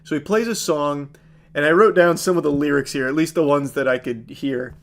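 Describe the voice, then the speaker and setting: A man's voice: on the high side, a little fast, gravelly. A man in his thirties giving a ranting movie review, exasperated and sarcastic, swearing freely.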